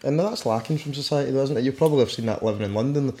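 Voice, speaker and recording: A man hosting a casual interview, agreeable and quick with short replies. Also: medium pitch, dark tone. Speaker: host.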